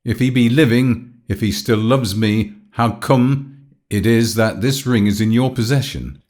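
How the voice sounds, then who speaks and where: A man's voice: medium pitch, measured pace, a little mellow, pitched above the performer's own voice, natural voice. A man voicing an anxious, devoted young woman in an audiobook, speaking with raised, emotional pleading. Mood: distraught. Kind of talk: audiobook character voice.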